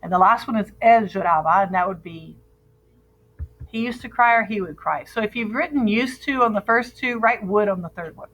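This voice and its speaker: A woman's voice: medium pitch, moderate pace, a bit bright, muffled recording, a little hiss or hum. Patient woman teaching a grammar lesson. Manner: patient, drills students in call and repeat. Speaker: Spanish teacher.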